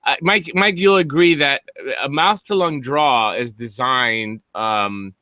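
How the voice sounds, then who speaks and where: A man's voice: medium pitch, slow, sharp tone, no echo. A man co-hosting a casual podcast, explaining hardware in detail with some teasing banter. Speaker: co-host.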